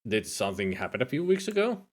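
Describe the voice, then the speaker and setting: A man voicing a polite, concerned male doctor in a put-on Scottish accent, with a slow, deliberate delivery. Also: fairly low pitch, sing-song.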